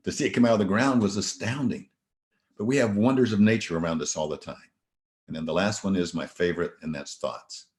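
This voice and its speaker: A man's voice: low voice, brisk, reverberant. A man giving an earnest motivational talk on gratitude, telling stories and asking the audience rhetorical questions. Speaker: motivational speaker. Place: virtual event presentation.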